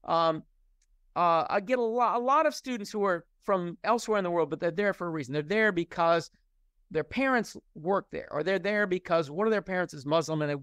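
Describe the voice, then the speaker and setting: A man's voice: high-pitched, fairly bright tone, dry recording, clean studio sound. A middle-aged man from the United States, a professor answering interview questions in a discursive, candid way and often restarting his sentences.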